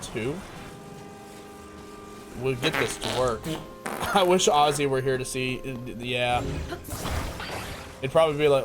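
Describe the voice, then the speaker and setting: A man streaming a game live, chatting casually with his viewers, excitable and laughing often. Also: medium pitch, slow, pauses often, noisy background. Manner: excitable, laughs often, talks to chat by name. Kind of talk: casual live-stream chat while playing.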